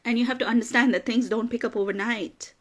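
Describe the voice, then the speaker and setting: Emphatic woman coach, slightly high voice. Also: steady tone, quick pace. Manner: emphatic, repeats phrases for emphasis; gets emotional, laughs through tears. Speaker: business coach. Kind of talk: motivational talk to camera.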